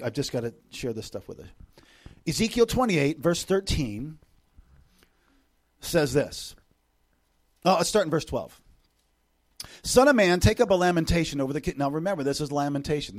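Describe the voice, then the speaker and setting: A man's voice: medium pitch, darkish tone. A middle-aged male preacher giving a sermon, reading scripture with emphatic swells and dropping into casual asides. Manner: casual asides with fillers like "you know" and "okay".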